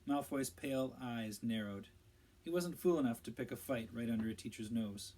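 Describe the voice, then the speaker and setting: A man reads a storybook aloud in a steady, measured voice of ordinary middle pitch. His delivery is plain, an amateur audiobook narration. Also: rough recording. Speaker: audiobook reader.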